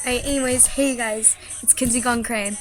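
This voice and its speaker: Woman, vlogger, fairly high voice, chatty storytelling, laughing asides, faint music behind. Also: fairly even intonation, normal speed. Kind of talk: casual storytelling to camera.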